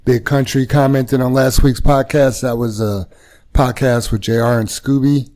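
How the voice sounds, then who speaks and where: A man's voice: medium pitch, steady tone, moderate pace, a little mellow. A man hosting a casual trucking company podcast, reading stats and staff announcements in an upbeat way. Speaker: podcast host. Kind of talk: casual chat.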